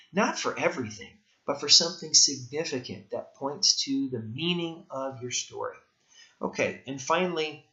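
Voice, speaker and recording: A man's voice: mid-range voice, pushed and bright. A male writing instructor giving a recorded course lecture, emphatic and repeating his key points. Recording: echoey room, dull lo-fi sound.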